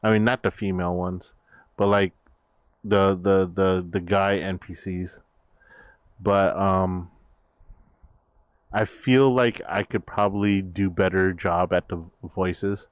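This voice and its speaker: A man's voice: low-pitched, steady tone, slow, long pauses, clear, resonant tone, no echo. A man chatting casually on his stream, rambling with many fillers and restarts. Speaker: VTuber streamer.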